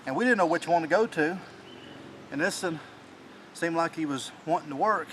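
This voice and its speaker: A man with a slightly high voice tells a hunting story outdoors in the mountains. He rambles, restarts and gets excited. A faint hiss of the woods sits under his voice. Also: normal speed, low-quality recording. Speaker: hunting channel host. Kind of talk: casual chat after a hunt.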